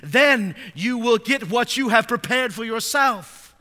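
A man preaching a sermon in a church sanctuary, his voice high and bright. He drops to hushed, low asides and then rises into loud, emphatic readings of scripture. The sound rings with the long reverb of a large hall. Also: expressive, a little slow. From United States. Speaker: pastor.

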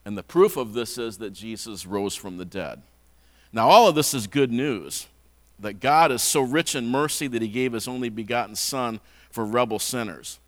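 A man's voice: mid-range voice, moderate pace. A man preaching a conversational sermon in a church, often repeating words as he restarts. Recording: long hall reverb.

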